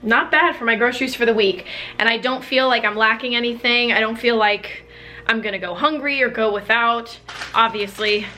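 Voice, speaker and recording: A woman's voice: fairly high pitch, fairly even intonation, moderate pace, sharp tone, a little hiss or hum. A young woman in a chatty, upbeat casual vlog, listing her grocery haul item by item. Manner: chatty, upbeat, lists items. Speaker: vlogger.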